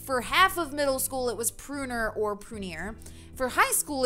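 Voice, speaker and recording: Giggly woman streaming a game, bright voice, reads the text out, faint music under. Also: sits high, big pitch swings, normal speed. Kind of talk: let's play commentary.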